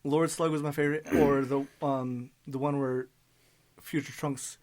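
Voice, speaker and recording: A young man co-hosting a casual podcast chat, talking in a relaxed, hesitant way with pauses and light laughter. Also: mid-range voice. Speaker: podcast co-host.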